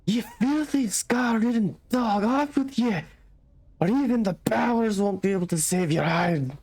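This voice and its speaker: A man voicing a haunted, hostile commoner who shouts threats in a rough old-fashioned dialect. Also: sits high, animated, measured pace, no room sound, voice pushed up, full character voice. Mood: enraged.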